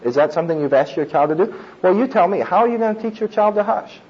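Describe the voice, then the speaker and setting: Husky-voiced man preaching conversationally. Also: high-pitched, lively intonation, fast talker, highs cut off. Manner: conversational preaching with asides and laughs. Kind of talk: sermon on child discipline.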